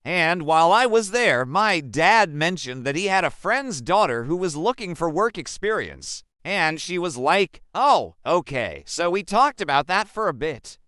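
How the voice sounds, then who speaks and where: A young man from Africa tells a personal story in a high, bright voice that swings widely in pitch. He speaks slowly and with emphasis. The sound is dry and close. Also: big pitch swings, smooth, no echo. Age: young adult. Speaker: narrator.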